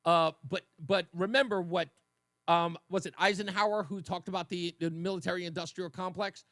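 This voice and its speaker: Male radio host, high voice, dry studio mic, rambling casual chat. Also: steady tone, a bit bright, no room sound. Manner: chatty, rambling, quick to laugh. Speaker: radio talk show host. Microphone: studio microphone.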